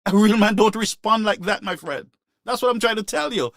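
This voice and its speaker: This call-in show host has a high-sitting, fairly bright voice with vocal fry, and he talks a little fast. He preaches his opinions passionately, repeating points for emphasis, in clean studio sound with no echo.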